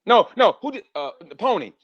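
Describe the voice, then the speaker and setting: A male stand-up comedian talking nonstop as a podcast guest, energetic and full of stammering restarts. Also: high voice, a little fast, lo-fi sound, crowd noise. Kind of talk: rowdy casual chat.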